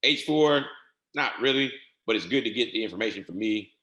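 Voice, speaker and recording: A man walking viewers through trading software settings step by step in a casual, repetitive way. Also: fairly low pitch, expressive, brisk, roomy sound. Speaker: trading instructor. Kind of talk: screen-share software tutorial.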